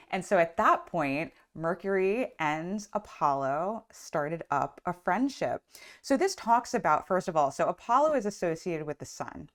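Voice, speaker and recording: A woman's voice: on the low side, lively intonation, unhurried. A woman teaching astrology who retells a myth in a chatty, loose way, full of "like" and "um". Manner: chatty, lots of "like" and "um". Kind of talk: casual storytelling lesson.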